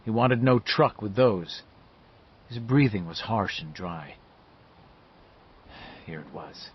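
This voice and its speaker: A man reading a novel aloud as scripted narration, telling the story in a measured, lively way. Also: on the low side, dull audio, a little hiss or hum. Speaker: audiobook narrator.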